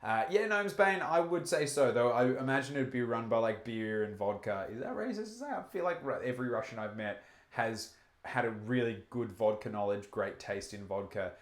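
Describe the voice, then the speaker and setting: An Australian man hosts a casual live stream and answers his chat in loose, rambling talk. He jokes a lot and restarts his sentences with plenty of fillers. His mid-pitched voice rings in an echoey room. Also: lively intonation, moderate pace. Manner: rambling, joking, many fillers and restarts, reads out chat comments. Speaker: livestream host.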